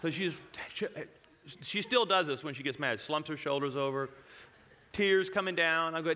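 A man tells a congregation a personal story with lots of animation, chuckling and cutting himself off mid-sentence. His voice sits fairly high and he speaks at a moderate pace.

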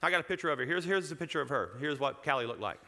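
A man speaking to a congregation, telling a personal story in an animated way, chuckling and breaking off his own sentences. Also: fairly high pitch, very fast, a little hiss or hum.

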